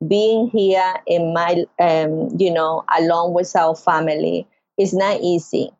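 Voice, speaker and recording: A slow-paced middle-aged woman from Venezuela, accent Venezuelan Spanish, shares an emotional personal story on a podcast as a guest. When quoting others she acts their voices out expressively with big pitch jumps. The sound is dull, with no room sound.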